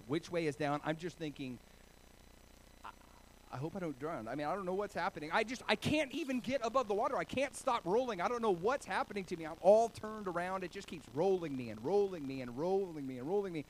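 A man from Oregon preaching a sermon, telling stories with animated, self-deprecating humor. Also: high voice, brisk, slight background noise, rough recording. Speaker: pastor.

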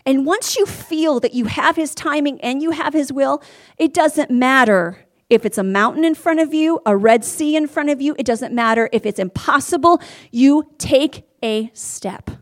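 High-voiced woman preaching with fervor. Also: normal speed. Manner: animated, earnest, talks straight to the listeners. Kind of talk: sermon.

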